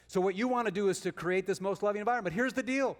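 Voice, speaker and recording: A man giving a sermon as guest speaker, moving between emphatic rises and hushed storytelling. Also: sits high, fast talker. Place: church sanctuary. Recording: long reverb of a large hall.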